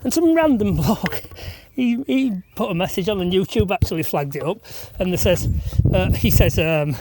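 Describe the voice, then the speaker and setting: A man's voice: high-pitched, animated, moderate pace, few pauses. Chatty man on site. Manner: rambling, chatty, self-deprecating. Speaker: self-builder vlogger. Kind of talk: casual vlog chat while working. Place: outdoor building site. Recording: noisy outdoor recording.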